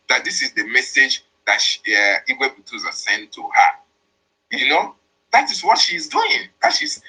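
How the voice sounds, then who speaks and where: Emphatic man with a husky voice. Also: medium pitch, pushed and bright, low-quality recording. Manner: emphatic, repetitive, explains each line. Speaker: host interpreting a played voice message. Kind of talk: political commentary.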